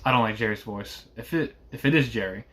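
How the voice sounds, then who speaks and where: A man voicing a wary, armed coach guard who roars warnings in a gruff voice. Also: on the low side, a little fast. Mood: gruff threats. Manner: loud, gruff, threatening.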